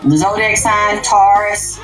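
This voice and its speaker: A woman hosting an unscripted livestream rant, profane and emphatic, dropping to low mutters and jumping up to loud outbursts. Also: slow, echoey room, faint music behind, rough recording. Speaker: livestream host.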